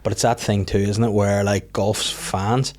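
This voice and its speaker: A man with a Northern Irish accent hosting a podcast in casual chat, asking his guest quick, chatty questions. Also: on the low side, flat delivery, a little mellow. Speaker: podcast host.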